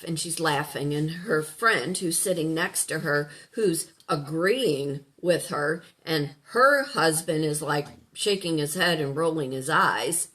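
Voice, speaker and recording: A woman's voice: sits low, takes it slowly, hardly any pauses, a bit bright, slightly rough. A woman life coach talking casually at home, rambling and conversational, who breaks off now and then to scold her dog. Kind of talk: casual spoken monologue.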